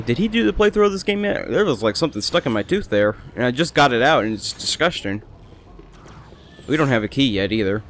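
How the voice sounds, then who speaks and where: A man's voice: mid-range voice, slight background noise. A young man rambling chattily through casual gameplay commentary as a let's play host. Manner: rambling, chatty, self-amused.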